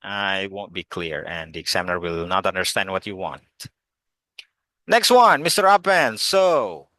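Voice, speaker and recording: A man's voice: low voice, expressive, normal speed, sharp tone, dry recording. A man teaching an online English class, encouraging students and calling on them by name.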